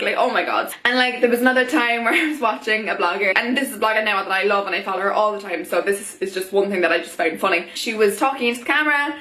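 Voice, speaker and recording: A young woman talking casually to camera in an opinion vlog, chatty and animated, full of "like" and "oh my god". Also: a little high, fast, reverberant. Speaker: vlogger.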